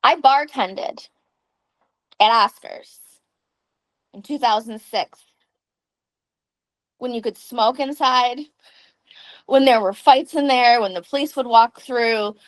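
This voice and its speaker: A woman in her thirties co-hosting a podcast in casual chat, telling animated stories and swearing freely. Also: a little high, slow pace, long pauses. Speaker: podcast co-host.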